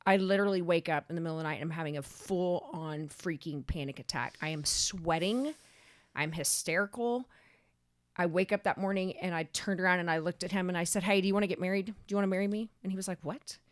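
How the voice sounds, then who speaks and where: A woman tells a wild story on her podcast, animated and a little foul-mouthed, rushing ahead when she gets worked up. Her voice sits on the low side, recorded close and dry. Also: clean tone, dry recording. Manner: animated, swearing, rapid bursts when excited. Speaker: podcast co-host. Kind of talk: casual storytelling chat.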